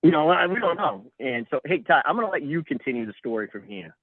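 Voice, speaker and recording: A man's voice: on the high side, fast talker, no echo. Middle-aged guy on a podcast, tells it like a story, does everyone's voices, tinny phone sound. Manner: animated, acts out quoted voices. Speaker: guest. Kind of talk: casual storytelling. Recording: tinny phone-like line, dry.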